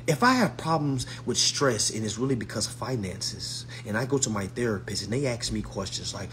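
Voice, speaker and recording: A man giving an emphatic, casual rant to camera, swearing and swinging from hushed to loud. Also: on the low side, expressive, brisk, hardly any pauses, a little hiss or hum. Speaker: vlogger.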